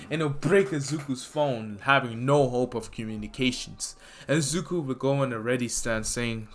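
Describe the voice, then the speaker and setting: A man's voice: medium pitch, normal speed. A man telling an improvised fan story in a loose, rambling way full of fillers.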